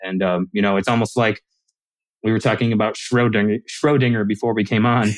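A man's voice: lowish voice, fairly even intonation, brisk, dry recording, rough recording. A man as an author guest in a casual conversation, telling stories animatedly and acting out quoted lines.

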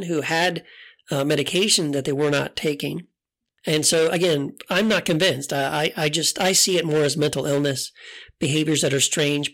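A man's voice: on the high side, fairly bright tone. A middle-aged man hosting a podcast, talking in a casual reflective monologue, hesitant with many restarts, telling stories candidly. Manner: candid storyteller. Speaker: podcast host.

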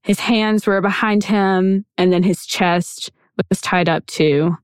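A woman's voice: mid-range voice, fairly even intonation, slow pace, clear, resonant tone, dry recording, studio quality. A woman hosting a podcast, telling a true-crime story in a loose, conversational way with many fillers. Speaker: podcast host.

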